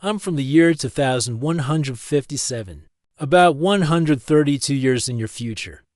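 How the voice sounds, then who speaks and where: A bright, chatty young woman physicist from the future, polite and a little apologetic, as a male narrator reads her lines. The voice sits in a middle register and sounds dry and close, with no room around it. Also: mid-range voice, animated, normal speed, no echo, close to an everyday voice. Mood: cheerful. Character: cheerful brainy young woman time-travel physicist.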